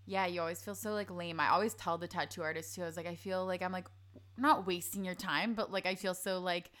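Bright, bubbly young woman guest. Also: lowish voice, fairly even intonation, brisk. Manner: bubbly, rambling, heavy use of "like". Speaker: podcast guest. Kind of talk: casual chat.

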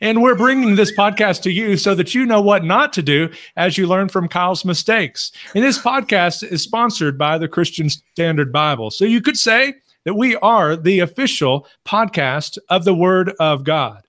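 Joking man with a high voice. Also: lively intonation, moderate pace, few pauses, fairly bright tone. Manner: joking, self-deprecating. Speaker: podcast co-host and pastor. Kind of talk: casual podcast banter.

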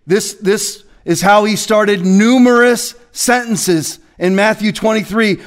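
A man preaching as a pastor in a studio, confrontational and fiery, swinging from quiet asides to shouted scripture. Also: on the high side, normal speed, hardly any pauses, clear, resonant tone. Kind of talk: preaching sermon.

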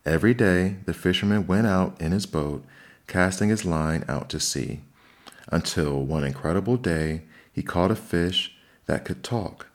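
Deep-voiced man reading fairy tales. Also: unhurried. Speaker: storyteller. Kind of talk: fairy tale read-aloud.

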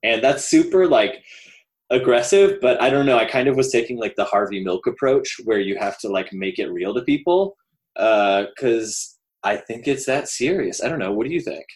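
A man's voice: mid-range voice, lively intonation, moderate pace. A nasal-voiced man from the American South, a podcast guest chatting in a rambling, enthusiastic way into a close mic. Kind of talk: casual podcast conversation.

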